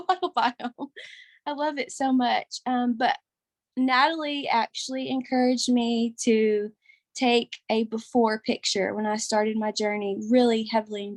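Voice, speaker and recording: A woman's voice: a little high, no echo. A young woman telling an emotional, rambling testimonial on a group call, close to tears. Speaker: caller sharing a testimonial.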